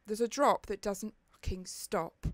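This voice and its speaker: On a casual podcast, a Northern English co-host in her thirties animatedly retells a dramatic story, acting out the quotes. She's from England and speaks in an unhurried, mid-range voice. Recorded on a studio mic, there's no room sound.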